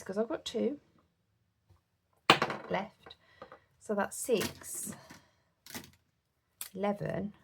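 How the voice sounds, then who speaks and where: A woman's voice: mid-range voice, gravelly, background noise. A woman with a British accent chatting casually as a budgeting vlogger, giggling often and counting numbers aloud to herself. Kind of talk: casual chat while cash stuffing.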